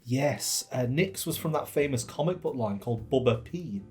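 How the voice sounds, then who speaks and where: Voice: mid-range voice, lively intonation, normal speed, darkish tone, faint music behind. A co-host joking and bantering casually while reading out patron names. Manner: playful, giggly.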